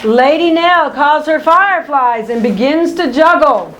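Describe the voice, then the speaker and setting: A patient aunt explains her tale in a calm, high voice at an unhurried pace, as a woman voices her. She takes her time over each phrase. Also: rough recording.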